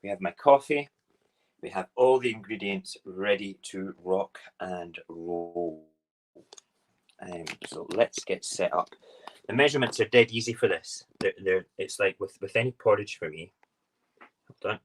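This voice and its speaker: Chatty low-voiced man streaming from home. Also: a little slow, a little hiss or hum, poor audio. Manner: chatty, rambling and playful. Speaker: live stream host. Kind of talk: casual morning live stream chat. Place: home kitchen. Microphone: phone.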